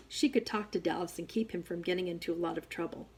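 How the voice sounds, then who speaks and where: Husky woman reading an audiobook. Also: on the low side, fast. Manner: expressive storytelling. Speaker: audiobook reader. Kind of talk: first-person audiobook narration.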